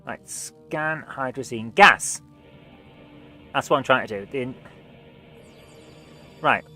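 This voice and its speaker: A woman's voice: a bass voice, takes it slowly, bright, forceful tone, faint music behind. A woman streamer chatting casually over live gameplay while fighting a cold, reading game text aloud in playful voices. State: has a cold.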